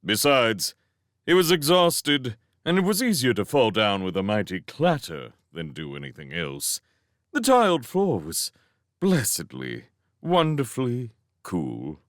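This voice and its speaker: Slow, expressive male storyteller. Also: mid-range voice, dry recording, clean studio sound. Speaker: reader of a novel. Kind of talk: fan audiobook narration.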